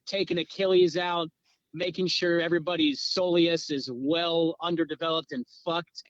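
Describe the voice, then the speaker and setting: A man co-hosting a podcast, improvising a crude comedic story in an animated way, jumping in pitch for quoted voices. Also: vocal fry, no room sound, highs cut off. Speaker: podcast co-host.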